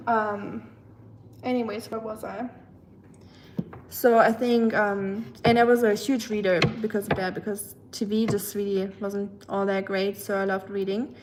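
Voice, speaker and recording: A woman's voice: medium pitch, steady tone, a little slow, noisy background. A young woman from Germany with a German accent, chatting casually and rambling a bit as she talks with viewers on her livestream. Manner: chatty, rambling, self-teasing. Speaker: livestream host. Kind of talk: casual chat with live viewers.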